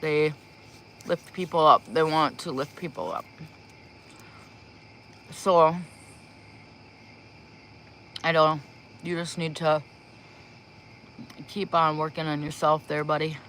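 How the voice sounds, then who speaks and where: A woman's voice: low-pitched, fairly even intonation, a bit bright, a little hiss or hum. A woman chatting casually on a livestream before giving spiritual readings, rambling and giggling as she talks into a propped-up phone in a small room. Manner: rambling, giggly, slow talker.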